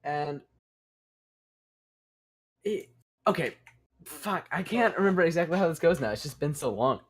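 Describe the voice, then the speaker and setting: A man's voice: fairly high pitch, animated, measured pace, slightly rough. A young man hosting a podcast, telling a story casually while gaming, rambling and swearing. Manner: rambling, profane, restarts and laughs. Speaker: podcast host.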